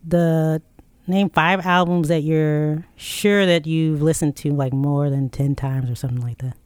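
A woman's voice: low voice, steady tone, measured pace, darkish tone, dry recording. A woman chatting casually and enthusiastically about the music she loves. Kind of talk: casual chat.

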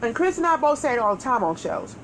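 A woman's voice: a little high, very animated, quick pace, a little hiss or hum, low-quality recording. A woman co-hosting a show, telling a story in casual chat with profanity and laughter. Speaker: podcast co-host.

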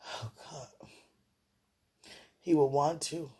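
A woman on a livestream, speaking aloud to God and a loved one in an emotional, prayerful monologue that swings between tearful and soft. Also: low-pitched, slow pace, slightly rough.

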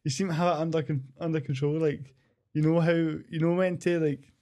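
A man's voice: fairly high pitch, fairly even intonation, a little fast, darkish tone. A man, hosting a podcast in casual chat, rambling through his thoughts.

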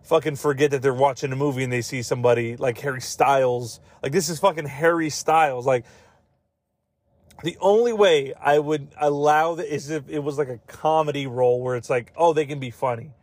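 A man's voice: mid-range voice, normal speed, no echo. A man hosting a podcast who chats casually about movies, rambling and swearing with lots of fillers. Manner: rambling, profane, full of fillers and asides. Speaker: podcast host. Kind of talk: casual movie-review chat.

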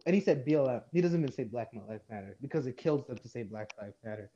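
A man co-hosting a casual podcast chat, telling animated stories and acting out what people said. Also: medium pitch, quick pace, hardly any pauses, highs cut off. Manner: animated storytelling, acts out quotes. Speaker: podcast co-host.

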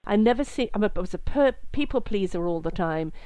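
Smooth-voiced middle-aged woman, reflective. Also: medium pitch, animated, fairly quick, dark tone, no room sound. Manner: reflective, thoughtful with frequent fillers. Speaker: spiritual counselor. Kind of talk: casual conversation.

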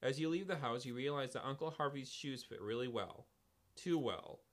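A man's voice: medium pitch, moderate pace. A man hosting a comedy podcast, reading a kids' adventure book aloud with stumbles, laughs and jokey asides. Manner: reads with stumbles and laughs, dry jokey delivery.

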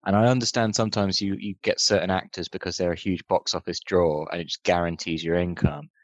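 A man's voice: sits low, steady tone, brisk, dry recording, dull audio. A man co-hosting a podcast in casual chat, making wry, sarcastic asides. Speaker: podcast co-host.

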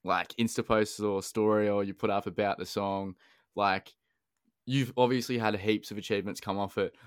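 A man hosts a podcast in a laid-back, teasing way, with casual swearing. His voice sits fairly low and sounds dry and close, with almost no room echo. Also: steady tone, normal speed, clean tone. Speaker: podcast host.

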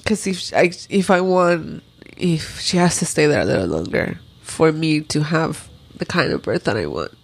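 Woman podcast co-host, low-ish voice with a lively sweep, open and emotional, booth recording. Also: moderate pace, vocal fry, slightly rough. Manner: open, emotional, laughs often. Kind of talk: casual chat.

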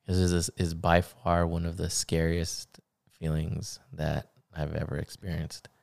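A young man telling a personal story in casual podcast conversation, halting, with many fillers and restarts. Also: sits low, little pitch movement, gravelly, darkish tone. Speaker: podcast guest.

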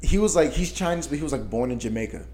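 A man telling a story in casual chat as a podcast co-host, animated and profane, often laughing. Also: fairly high pitch, quick pace, a little hiss or hum.

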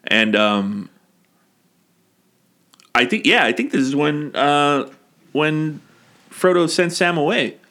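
A man's voice: on the high side, animated, takes it slowly, pauses often, sharp tone. Casual profane man recapping a film. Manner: rambling, profane, acts out quotes in silly voices. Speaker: podcast co-host. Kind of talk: casual movie recap chat.

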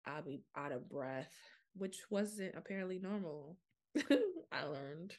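Frank woman with a low gravelly voice. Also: sing-song, slow, darkish tone. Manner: frank, chatty, lots of "like" and quoted self-talk. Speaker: podcast host. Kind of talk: candid solo podcast monologue.

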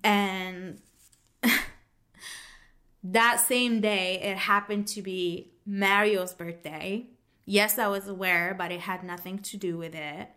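A woman's voice: mid-range voice, steady tone, slow pace, sharp tone. A woman whose first language is French, telling her personal story candidly and acting out her past thoughts. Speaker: podcast host.

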